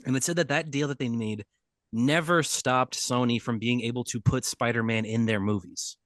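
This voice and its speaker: A man's voice: medium pitch, fairly even intonation, normal speed, a bit bright, no room sound, studio quality. Chatty man on a comics podcast. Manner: rambling, jokey, laughs often. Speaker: podcast co-host. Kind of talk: casual chat.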